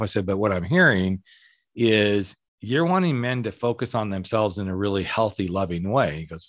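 A man's voice: on the low side, expressive, normal speed, dry recording, studio quality. A man hosting a conversation, a speaking coach who tells stories and acts out the quoted dialogue. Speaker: podcast host and speaking coach. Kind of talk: casual conversational interview.

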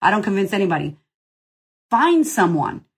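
A woman's voice: medium pitch, very animated, moderate pace, husky. A woman business coach answering questions in a casual live Q&A, blunt, profane and emphatic, rallying the listener directly.

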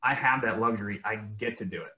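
A man, a former fighter pilot, telling a personal story in an interview in an earnest, reflective way, pausing and restarting as he goes. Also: on the low side, pushed and bright, dull audio. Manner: earnest, reflective, with halting pauses. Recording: echoey room.

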